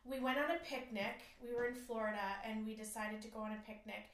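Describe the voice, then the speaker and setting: Woman, higher voice, animated storytelling, echoey room, a bit far from the mic. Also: brisk. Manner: animated, acts out quoted lines in a raised voice. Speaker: guest sharing her story. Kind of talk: casual conversational storytelling.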